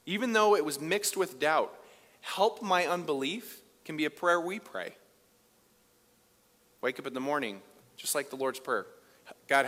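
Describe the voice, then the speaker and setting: A man preaching a sermon as pastor, conversational, moving between loud emphasis and quiet asides. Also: a little high. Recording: long reverb of a large hall.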